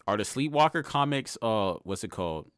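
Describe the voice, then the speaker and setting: A man's voice: on the low side, expressive, a little fast, fairly bright tone, clean tone, no echo, studio quality. A man livestreaming and chatting casually with his viewers, talking in slang, rambling and laughing often. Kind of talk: casual stream chat, reading chat aloud.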